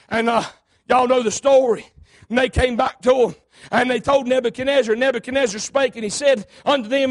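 A preacher, giving a fervent sermon, often shouting, with a folksy storytelling manner. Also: male voice, extremely high pitch, steady tone, brisk.

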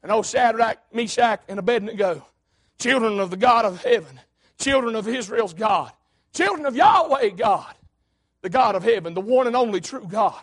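A preacher, giving a fervent sermon, often shouting, with a folksy storytelling manner. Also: male voice, high-pitched, expressive, moderate pace.

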